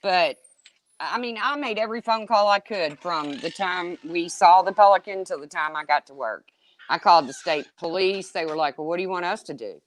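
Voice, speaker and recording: A woman telling casual stories, swearing freely and swinging between loud exclaims and low asides. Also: moderate pace. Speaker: storyteller. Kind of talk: casual chat.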